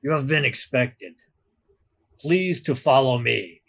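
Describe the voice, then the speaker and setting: A man's voice: medium pitch, slow pace, gravelly, fairly bright tone, husky, full character voice. A man voicing a large, courteous doorman who speaks with a thick foreign accent in formal, slightly broken phrasing.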